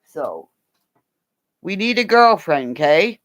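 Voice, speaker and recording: A woman's voice: lowish voice, sing-song, slow, a bit bright, dry recording. An older woman signing off a livestream from home on her computer, rambling and joking crudely. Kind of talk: casual livestream sign-off chat. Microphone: computer mic.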